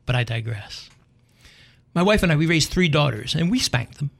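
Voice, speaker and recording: This middle-aged radio host talks at a moderate pace in a fairly high voice with vocal fry. He's delivering a humorous monologue of dry, deadpan tales with wry punchlines.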